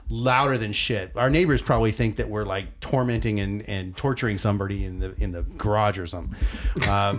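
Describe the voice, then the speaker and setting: Middle aged guy rambling about his family, swears a lot, pitch moves around a lot. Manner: expressive, swears freely, lots of ums. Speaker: podcast co-host. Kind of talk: casual storytelling chat.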